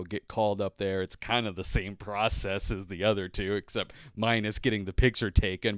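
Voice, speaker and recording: Male podcast host, low and smooth, casual rambling storyteller with chuckles. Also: dry recording, clean studio sound. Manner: rambling, chuckling, acts out others' lines.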